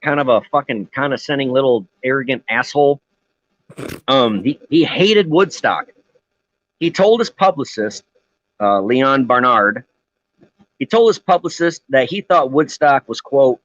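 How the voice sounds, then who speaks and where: A man's voice: mid-range voice, animated, measured pace, a bit bright, dry recording, muffled recording. A man co-hosting a casual podcast, swearing freely, rambling through stories and laughing at his own jokes. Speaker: podcast co-host.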